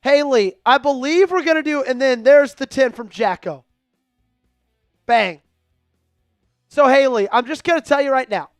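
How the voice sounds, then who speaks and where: Pitched extremely high, a man speaks unhurriedly with long pauses while hosting a fan livestream. In a casual, hyped way he runs a raffle, talks up donors and calls plays from the game, with faint music and no room sound in the recording.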